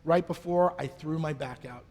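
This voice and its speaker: A middle-aged man giving a keynote speech on stage, telling a story in a playful, animated way. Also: on the high side, normal speed. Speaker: keynote speaker. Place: conference stage in a large hall. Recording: long reverb of a large hall.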